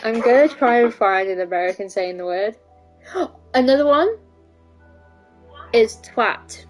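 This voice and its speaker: A woman's voice: a little high, lively intonation, normal speed, soft background music, low-quality recording. A young woman streaming, chatting casually and rambling, with frequent restarts and casual swearing. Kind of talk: casual live-stream chat.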